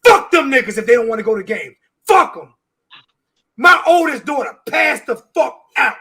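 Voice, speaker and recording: A man's voice: extremely high pitch, expressive, moderate pace, creaky, pushed and bright, breathy edge. A man on a sports talk show, ranting with heavy swearing and repeating his words. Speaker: show regular.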